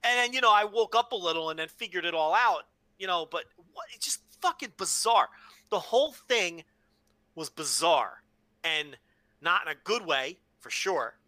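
A man with a bright, tense voice talks on a podcast, his pitch swinging widely. The sound is dry and close, and he tells his story with excited exclamations and loose swearing. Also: moderate pace, no echo. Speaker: podcast co-host. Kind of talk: casual chat.

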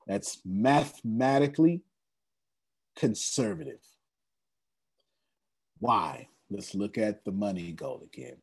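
Excitable man pitching on a call, husky. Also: slow pace, pauses often. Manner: excitable, repeats phrases, casual slang. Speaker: presenter of an online business meeting. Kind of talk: animated motivational pitch.

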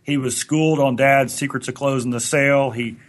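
A man's voice: medium pitch, steady tone, brisk. Man telling a rambling story. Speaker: podcast co-host. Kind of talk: anecdotal storytelling.

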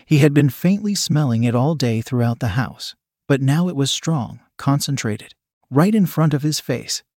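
Male narrator, erotic story reading, steady and even, dry close sound, mid-pitched. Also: moderate pace, dry recording.

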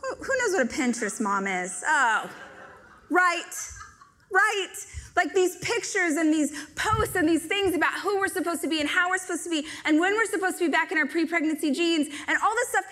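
A woman giving a live stage talk to an audience, telling stories in an animated, joking way. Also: extremely high pitch, normal speed. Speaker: motivational speaker.

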